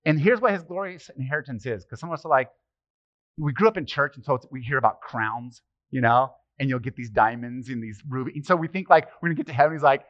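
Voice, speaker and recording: A middle-aged man preaching a casual, conversational sermon as pastor, animated and joking, throwing rhetorical questions at the congregation. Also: medium pitch, fast. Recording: slightly muffled, dry sermon recording.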